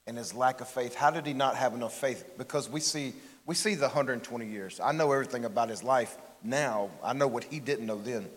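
A middle-aged man giving a candid, conversational sermon as pastor, often restarting his phrases. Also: medium pitch. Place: church sanctuary. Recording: long reverb of a large church hall.

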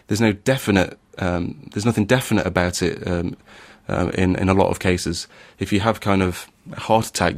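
A man with a mild northern English accent talks through a casual podcast chat. His voice sits low, and he keeps stopping to restart his sentences with ums. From northern England. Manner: hesitant, many restarts and ums. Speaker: podcast host and novelist.

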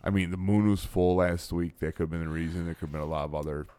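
A middle-aged man hosting a podcast, telling stories in animated, laughing bursts with frequent restarts. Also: low voice, quick pace. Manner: animated storyteller, laughs often, stumbles and restarts. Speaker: podcast host. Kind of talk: casual podcast chat.

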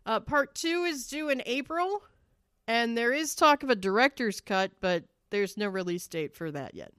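A woman's voice: on the high side, lively intonation, normal speed, fairly bright tone, smooth, dry recording. A woman co-hosting a casual review podcast, giving blunt opinions with dry, shrugging asides. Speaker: podcast co-host. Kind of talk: casual chat.

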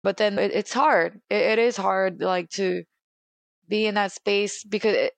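Young woman with gravelly vocal fry. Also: mid-range voice, unhurried, dry recording. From California. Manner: animated and emphatic, heavy use of "like". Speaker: guest. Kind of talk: candid personal conversation.

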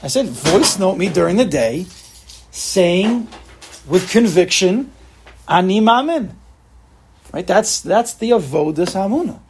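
A man leading an informal religious study group, animated and repetitive, acting out examples for his listeners. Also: sits high, unhurried, slight background noise. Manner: animated, repeats himself, acts out examples. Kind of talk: informal religious class talk.

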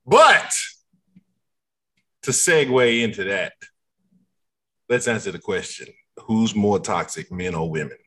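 Lively, teasing man hosting a podcast. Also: lowish voice, takes it slowly, long pauses, breathy edge. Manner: loose, teasing, calls on guests by name. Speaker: podcast host. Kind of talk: casual podcast chat.

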